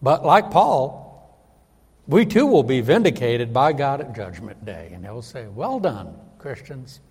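A man's voice: mid-range voice, sing-song, a little slow, a little mellow, breathy edge, big-room sound. A man preaching a sermon with emphasis, often acting out the voices of the people he quotes.

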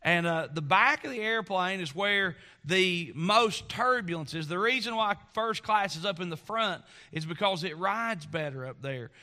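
A middle-aged man preaching a sermon, telling a folksy story in an animated way. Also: high-pitched, normal speed, few pauses. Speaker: pastor.

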